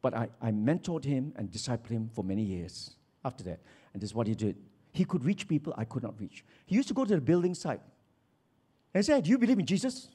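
A male pastor, preaching a sermon with animated storytelling. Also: mid-range voice, fast talker, husky. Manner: storytelling, animated with acted quotes.

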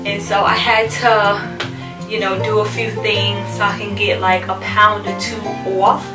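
A woman's voice: medium pitch, flat delivery, measured pace, reverberant, far from the mic, music in the background. A woman chatting casually to camera about clothes she bought, candid and full of fillers, a little out of breath. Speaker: fashion haul vlogger. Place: busy room at home.

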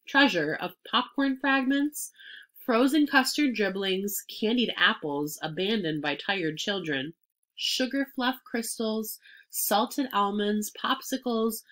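A woman's voice: medium pitch, a bit bright. A woman reading aloud and voicing an old sheep who lists tempting treats in a coaxing way. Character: old storytelling sheep, female.

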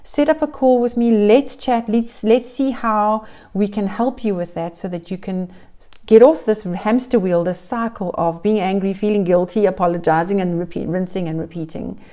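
Earnest encouraging woman coach, mellow voice. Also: mid-range voice, moderate pace. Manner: earnest, encouraging, repeats phrases in lists. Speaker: parenting coach. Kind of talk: direct-to-camera advice vlog.

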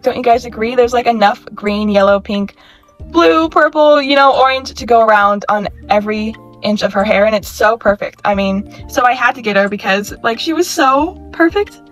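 A woman in her twenties chatting excitedly in a casual haul vlog, gushing and saying "like" often. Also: on the high side. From California. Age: 20s. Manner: bubbly, gushing, chatty with many "like"s. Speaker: YouTuber reviewing toys.

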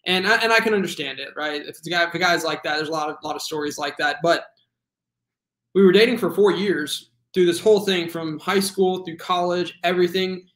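A man in his twenties, a guest telling his story in a casual, earnest way, full of fillers and animated retelling. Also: high voice, brisk, reverberant. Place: home room.

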